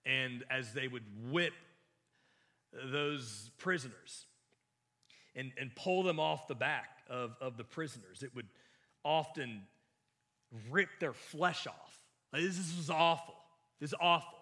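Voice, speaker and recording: A male preacher delivers a sermon in a bright, forward voice. He is earnest and emphatic, and he often restarts his phrases mid-thought. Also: fairly high pitch, a little slow, pauses often.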